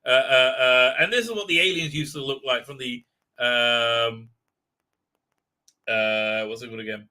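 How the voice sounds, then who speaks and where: A man's voice: mid-range voice, moderate pace, sharp tone. A man hosting a live commentary stream, rambling and sarcastic, with many fillers and mocking voices when he quotes people. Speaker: show host.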